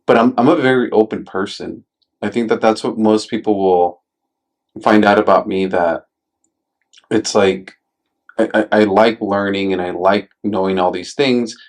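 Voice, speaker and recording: A man's voice: fairly low pitch, steady tone, moderate pace. A man talking casually and jokingly, rambling with fillers as he hosts a conversation. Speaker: podcast host.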